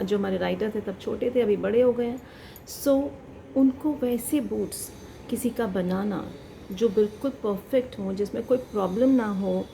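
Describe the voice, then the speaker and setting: Woman tutor, quick and mellow, slow expressive reading then rapid explaining, faint room hum. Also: a little high, vocal fry, poor audio. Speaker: English teacher. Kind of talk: explaining a story to students.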